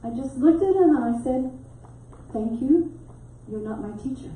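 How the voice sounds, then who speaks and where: A woman's voice: sits high, moderate pace, a little hiss or hum. A middle-aged woman minister telling a story in a sermon, acting out what people said and often laughing. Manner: animated storyteller who acts out quotes and laughs often. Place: church sanctuary. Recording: echoey hall mic from a distance.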